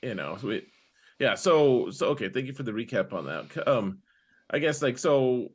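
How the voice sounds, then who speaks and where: A young man co-hosting a podcast, rambling in casual chat and recounting scenes with quick quoted lines. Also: medium pitch, animated, husky. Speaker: podcast co-host.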